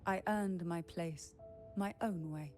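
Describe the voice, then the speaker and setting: An actress voicing a cool, composed young woman in a game, speaking in a slow, low and measured way. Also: a little mellow, soft background music. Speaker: game character. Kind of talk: voiced game dialogue.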